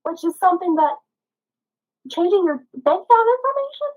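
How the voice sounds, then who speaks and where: A young woman with a slightly rough voice, giving a frustrated, earnest consumer testimonial in answer to questions. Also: very high-pitched, very animated, moderate pace, a little mellow, low-quality recording. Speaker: customer giving a review.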